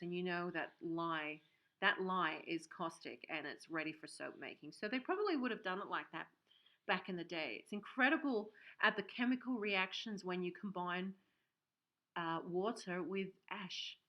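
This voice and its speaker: Chatty woman streaming live from her workshop, rambling and filler-heavy, low voice, dull lo-fi audio. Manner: chatty, rambling, with many fillers, reading viewer comments aloud. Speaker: livestream host and soap maker. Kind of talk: casual livestream chat. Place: home workshop.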